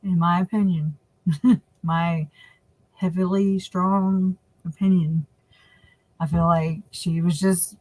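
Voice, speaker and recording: A woman co-hosting a livestream chat in a lowish, dry-sounding voice. She talks in a casual, opinionated way. She breaks into laughing asides as she goes. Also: steady tone, slow pace, long pauses, a little mellow, dry recording, poor audio. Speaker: livestream co-host.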